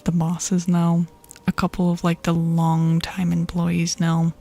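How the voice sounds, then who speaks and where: A young woman streamer in a soft whispered role-play style, gossiping with her chat and laughing often, with faint music behind. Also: lowish voice, monotone, slow pace. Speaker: ASMR streamer.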